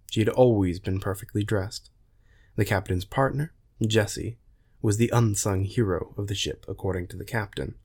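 A man narrating a science fiction story in a measured, plain way. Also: lowish voice, vocal fry, darkish tone, slightly rough. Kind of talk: storytelling reading.

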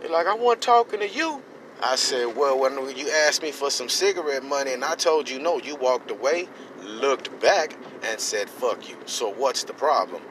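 A man's voice: medium pitch, moderate pace, few pauses, fairly bright tone, slight background noise, rough recording. A man, telling a story on his podcast in a rambling, heated way with street slang. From Houston, Texas. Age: 30s. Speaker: podcast host. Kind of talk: casual storytelling monologue.

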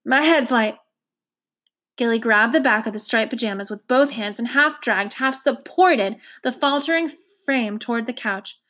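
Woman, story reader, reading a novel aloud, even clear narration, higher voice. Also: moderate pace, few pauses.

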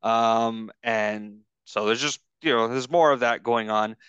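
A podcast host chatting casually over a video call, rambling and halting with lots of fillers. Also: male voice, mid-range voice, fairly bright tone, clear, resonant tone, no room sound, dull audio. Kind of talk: casual chat.

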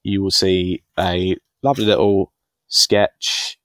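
Casual podcast co-host: a man in his thirties, deep-voiced and rambling, with a dry close sound. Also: flat delivery, slow, a bit bright, dry recording. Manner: rambling, chuckling, self-deprecating.

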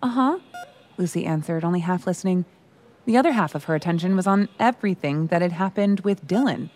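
A woman's voice: on the low side, fast talker, dark tone. Woman narrating an audio drama.

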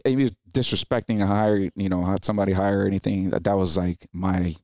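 A man's voice: low voice, fast talker, no room sound, clean studio sound. A man in his thirties, a military veteran guest, telling stories in a casual interview and acting out the people he quotes. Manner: animated, acts out quoted people in raised voices. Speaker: podcast guest, Marine veteran.

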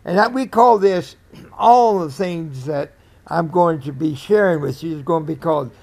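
A man's voice: fairly high pitch, moderate pace, vocal fry, darkish tone. A man in his eighties hosting a podcast, talking in a rambling, earnest way and often correcting himself. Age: 80s. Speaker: podcast host. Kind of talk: casual storytelling monologue.

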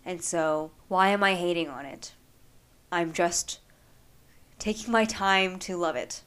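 A woman's voice: fairly low pitch, takes it slowly, a bit bright, smooth. A woman vlogging a candid, earnest personal monologue, thinking aloud with rhetorical questions.

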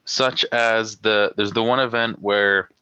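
A man's voice: fairly low pitch, steady tone, measured pace, pushed and bright, clear, resonant tone, no room sound, highs cut off. A man co-hosting a casual podcast over a video call, laid-back and teasing. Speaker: podcast co-host. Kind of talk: casual chat. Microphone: home mic on a video call.

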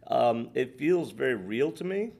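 A man's voice: medium pitch, lively intonation, unhurried, vocal fry, a little mellow. A middle-aged American man co-hosting a podcast, talking casually with lots of fillers and tangents. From United States. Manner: rambling, tangent-prone, filler-heavy. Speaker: podcast co-host. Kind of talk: casual chat.

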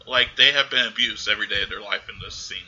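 Bright-voiced man recapping a movie. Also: on the low side, fast, slightly rough, lo-fi sound. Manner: animated retelling, acting out characters' lines. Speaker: podcast co-host. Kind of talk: casual movie recap chat.

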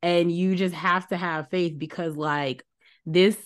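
A woman's voice: on the low side, steady tone, measured pace. A woman hosting a podcast in casual chat, supportive and affirming, with frequent "like" fillers. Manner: supportive, many "yeah" and "like" fillers. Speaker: podcast host.

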